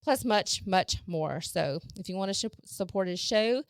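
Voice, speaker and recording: A woman's voice: medium pitch, animated, no echo, studio quality. A woman with a Southern American accent, a podcast host reading an episode intro and spelling out web addresses. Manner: reads out links and spells web addresses slowly.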